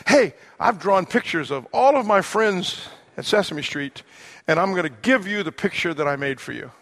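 A gentle, childlike bird who speaks with innocent cheer, as a man telling a story in a sermon does the voice. The voice sits high with a gravelly edge. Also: lively intonation, normal speed, full character voice.

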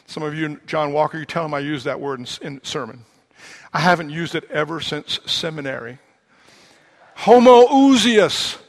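A pastor delivering a sermon in a relaxed, conversational way, slipping wry humorous asides in among the serious points. His voice sits a touch high for a man, with a gravelly, fry-laced texture running through it. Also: fairly quick.

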